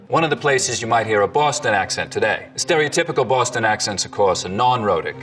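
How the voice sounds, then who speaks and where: A man, a dialect coach, explaining accents in an educational video with clear, lively delivery. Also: on the low side, normal speed, few pauses, recorded from a distance, soft background music.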